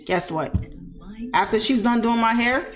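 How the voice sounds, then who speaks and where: A woman telling a story in a casual, animated way, speaking straight to her viewers. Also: on the high side, unhurried. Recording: echoey room with faint music.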